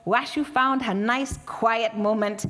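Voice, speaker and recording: A woman's voice: a little high, fairly even intonation, slow pace, fairly bright tone. A woman performing a live interactive story, dramatic with whispers and gasps.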